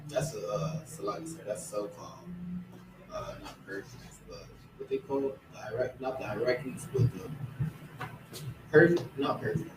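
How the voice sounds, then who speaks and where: A man's voice: fairly low pitch, normal speed, noisy background. A man joining a casual discussion, hesitant and searching for words. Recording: echoey room, distant mic, background ambience.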